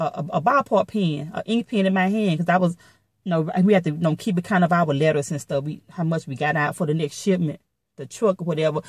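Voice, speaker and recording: Middle-aged woman, blunt and foul-mouthed, animated storyteller, dry close sound. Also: on the low side, no echo. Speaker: vlogger. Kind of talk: casual storytelling to viewers.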